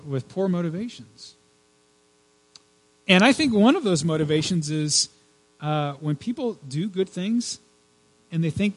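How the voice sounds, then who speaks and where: Male pastor, slightly high voice, casual halting sermon delivery, faint hum behind. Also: poor audio. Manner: conversational preaching with fillers and repeated words.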